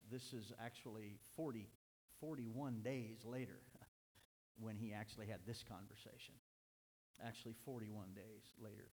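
A middle-aged man preaching a sermon as pastor, earnest, slowing down and lifting his voice to stress points. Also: lowish voice, a little mellow, long reverb tail. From United States.

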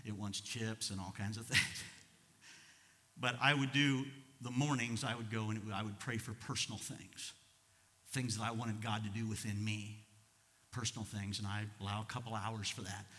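A middle-aged American man preaching a sermon as pastor, swinging between loud fervent passages and quiet low asides. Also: fairly even intonation, moderate pace. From United States. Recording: long reverb of a large hall.

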